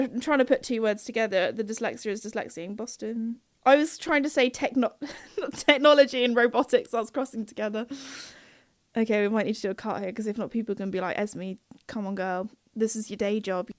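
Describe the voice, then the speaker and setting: A woman's voice: on the high side, no room sound, studio quality. A young woman hosting a podcast, chatting in a bubbly, rambling way, full of fillers. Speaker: podcast host. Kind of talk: casual chat.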